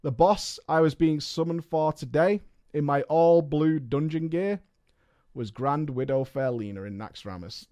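A man streaming, reading a story aloud and breaking off with quick, joking reactions. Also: a little high. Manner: animated, swears and laughs often, reads in quick asides.

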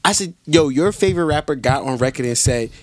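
A man co-hosting a casual podcast chat, animated and loud when telling stories. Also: medium pitch, brisk. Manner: animated, loud storytelling with bursts of laughter. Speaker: podcast co-host.

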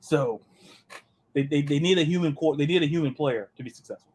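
A man hosting a sports podcast, talking in an animated, joking way and often repeating his words. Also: on the high side, a little fast, breathy edge. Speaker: podcast host. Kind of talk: casual sports chat.

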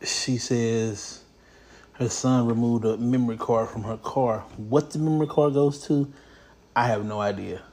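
A man hosting a show, giving casual, comedic commentary on news stories in a blunt, profane, animated way. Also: medium pitch, a little slow.

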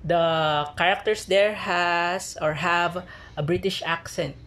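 Slow, hesitant Filipino woman. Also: fairly low pitch, steady tone, fairly bright tone. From Philippines. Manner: hesitant, searching for words. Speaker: guest. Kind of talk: casual chat.

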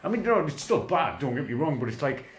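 A man's voice: fairly high pitch, big pitch swings, quick pace. Rambling man in an echoey room. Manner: rambling, swearing, self-mocking storyteller. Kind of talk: casual podcast chat.

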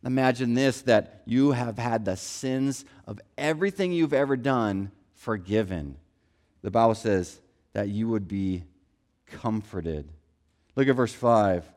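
A man's voice: mid-range voice, animated, unhurried, a little mellow. A man preaching a sermon in a conversational style, often acting out quotes and coming back to stock phrases. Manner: conversational preaching, acts out quotes, repeats "here's the thing". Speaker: pastor.

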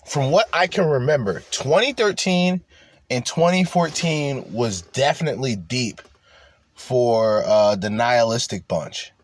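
A man giving casual reaction commentary in an animated, laughing way, full of profane slang. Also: medium pitch, a little slow.

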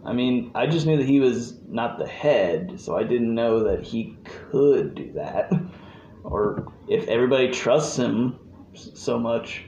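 A man's voice: medium pitch, unhurried. A man with a mid-range voice talks loosely and jokingly about a film. The sound is dull and echoey, with a light hiss behind him. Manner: relaxed, loose, jokey. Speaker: podcast co-host. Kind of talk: casual movie review chat. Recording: muffled echoey room with faint hiss.

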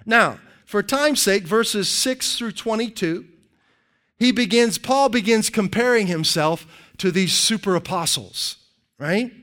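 A middle-aged man preaching a sermon as pastor, conversational and animated, tossing out rhetorical questions. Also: high-pitched, slow pace.

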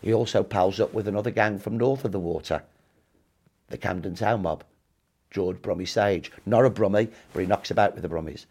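A man's voice: lowish voice, fairly quick, a little mellow, husky. A man in his sixties, a historian guest telling history in emphatic, punchy short clauses during an interview.

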